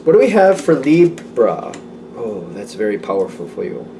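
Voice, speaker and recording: A man giving a casual tarot reading, rambling and correcting himself, getting excited as he talks. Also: fairly low pitch, moderate pace, slight background noise. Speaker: tarot reader.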